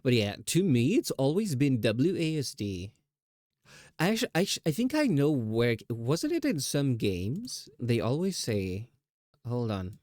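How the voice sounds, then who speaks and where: A man's voice: mid-range voice, sing-song, unhurried, a little mellow, no echo, clean studio sound. A man streaming live, chatting casually in a rambling, self-teasing way with laughs.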